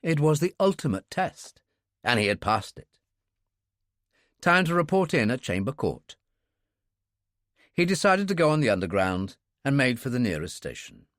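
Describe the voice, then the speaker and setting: In this scripted thriller audiobook narration, a man tells the story at a steady, measured pace in a medium pitch. There's no room sound, just clean studio audio.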